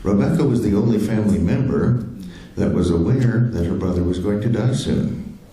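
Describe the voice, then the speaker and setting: A man introducing the day's guest speaker at a service, reading in a measured, formal way. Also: fairly low pitch, lively intonation, warm tone, roomy sound, a little hiss or hum, rough recording. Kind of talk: read introduction.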